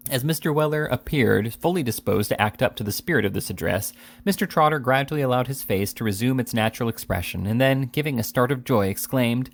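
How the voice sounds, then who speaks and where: Rich: A man reads a classic novel aloud in an unhurried amateur style. He sometimes stumbles over a word and goes back to fix it. His voice sits at a middling pitch. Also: gravelly. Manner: slightly halting, correcting slips. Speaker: reader. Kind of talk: audiobook reading of a classic novel.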